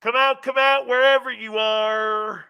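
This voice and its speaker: A man doing a slow, sing-song impression of a menacing redneck stalker taunting someone to come out. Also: extremely high pitch, fairly even intonation, pushed and bright, clean tone, pitched above the performer's own voice, full character voice.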